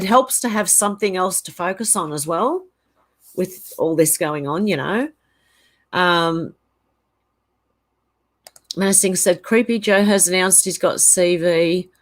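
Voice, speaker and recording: A woman's voice: mid-range voice, a bit bright. An Australian woman hosting a casual livestream, reading viewer comments aloud and rambling through her reactions. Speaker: channel host.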